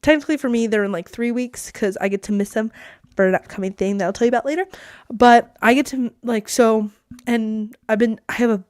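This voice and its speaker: A woman's voice: a little high, a little fast, a little mellow, dry recording, studio quality. A teenage girl hosting her podcast from her bedroom, rambling and self-deprecating to the camera. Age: teens. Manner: chatty, rambling, self-deprecating with frequent laughs. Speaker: podcast host. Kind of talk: casual solo podcast vlog.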